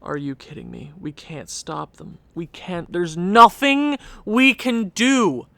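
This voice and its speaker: A man's voice: high-pitched, slow pace, creaky, bright, forceful tone, dry recording. A young man giving casual gameplay commentary as a video creator, ranting in exasperation at the game with sighs and rueful laughs.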